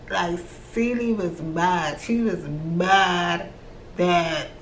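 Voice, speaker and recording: A woman's voice: lowish voice, a bit bright. A young American woman whose accent mixes Atlanta, Virginia and New York, chatting casually and slangily in a book review vlog. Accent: American, mix of Atlanta, Virginia and New York. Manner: chatty and slangy, voicing her own reactions. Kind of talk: casual chat. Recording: roomy echo with faint background noise.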